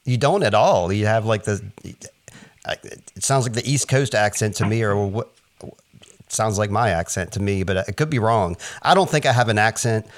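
A man's voice: fairly low pitch, lively intonation, normal speed. A man from Virginia with a light Southern accent, hosting a podcast in chatty talk and laughing often. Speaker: podcast host. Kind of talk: casual interview chat.

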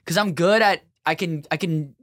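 A man's voice: a little high, normal speed, fairly bright tone, no echo, studio quality. A man from Minnesota telling rambling, swear-filled comedic stories in casual podcast chat. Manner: rambling, swears, says dude and like a lot.

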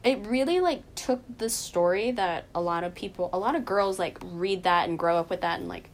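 A woman's voice: medium pitch, moderate pace. A young woman in casual chat, gushing with lots of fillers and laughter.

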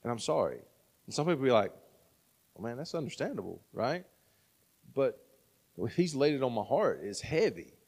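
A man's voice: mid-range voice, big pitch swings, moderate pace, pauses often, darkish tone. Conversational male pastor in reverberant room. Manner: conversational, frequent "right?" asides. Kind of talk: sermon.

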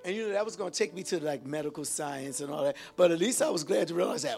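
An older man with a notably high voice delivers an animated sermon. He keeps calling out to his listeners and bursts into sudden exclamations. Faint music plays underneath. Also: quick pace, vocal fry, hardly any pauses. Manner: exclamatory, calls out to the congregation; lively, animated preaching with sudden shouts. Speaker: pastor.

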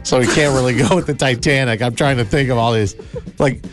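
A man's voice: medium pitch, steady tone, brisk, over music. A man co-hosting a casual chat, joking and trying out mock voices.

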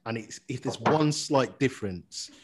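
A man's voice: medium pitch, lively intonation, unhurried, breathy edge. A man, co-hosting a podcast in casual, slangy banter. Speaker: podcast co-host. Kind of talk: casual chat.

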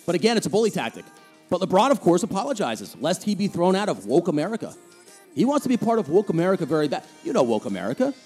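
A high-pitched, slightly mellow male voice with big pitch swings talks fast over soft background music. A New Jersey man with a matching accent hosts a solo podcast, delivering a sarcastic, heated, mocking rant about the news.

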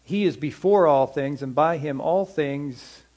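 Pastor guy preaching sunday service, kinda high voice, asks the congregation stuff. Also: darkish tone. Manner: conversational, asks the congregation questions; slows down to stress scripture quotes. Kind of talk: sermon.

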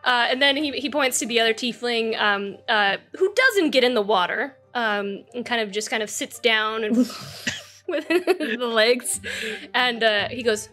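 High-pitched woman gm narrating a tabletop game, jumps into character voices, faint music under it. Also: lively intonation, pushed and bright. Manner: voices many characters with quick shifts. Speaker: game master.

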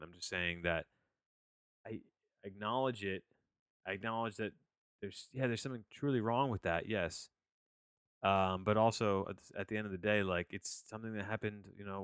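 A man's voice: lowish voice, fairly bright tone, clear, resonant tone, dry recording, clean studio sound. A man hosting a podcast, reviewing movies in loose, rambling chat full of restarts, self-corrections and offhand swearing.

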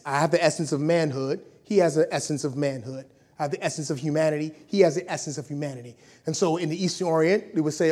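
A man preaching a sermon, lively and conversational, acting out quoted voices as he explains scripture. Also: sits high. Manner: animated, acts out quoted voices.

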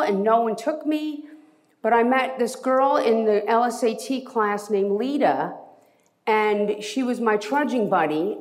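Woman, interview guest, animated storyteller, casual and blunt, acts out voices. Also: a little high. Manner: lively, animated storyteller acting out quotes; casual, swears freely. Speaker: entertainment lawyer.

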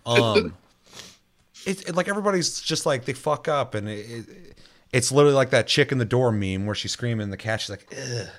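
Animated man in a casual gaming chat. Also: medium pitch, normal speed. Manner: animated, swears a lot, acts out quoted voices. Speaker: podcast co-host.

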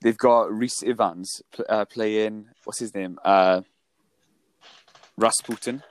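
A man's voice: lowish voice, fairly even intonation, dry recording. A man in a casual podcast chat who trips over his words while explaining. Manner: quick reactions, halting when explaining. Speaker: podcast co-host.

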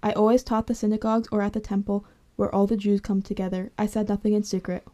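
Jesus stands calm before his accusers, voiced by a woman reading aloud. The tone is mellow and even, measured like a storybook reading of scripture. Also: medium pitch, lightly acted. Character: Jesus, calm grown man on trial.

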